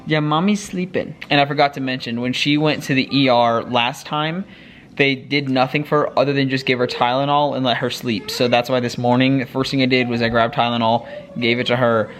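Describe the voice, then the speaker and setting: A man's voice: mid-range voice, fairly bright tone. A young father talks to his camera at home. He rambles and sounds worried, with lots of little fillers. It is easygoing, casual vlog chat. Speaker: vlogger dad. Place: family home, indoors.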